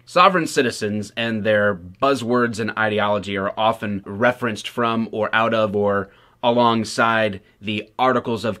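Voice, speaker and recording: With a lowish, sharp-toned voice, this Michigan cop talks straight to the camera as a video host. His remarks are relaxed and dry, peppered with sarcasm.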